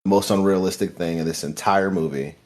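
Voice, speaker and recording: A man's voice: low voice, fairly even intonation, fairly quick. A man on a movie podcast giving emphatic, opinionated takes. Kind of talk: casual movie-discussion chat.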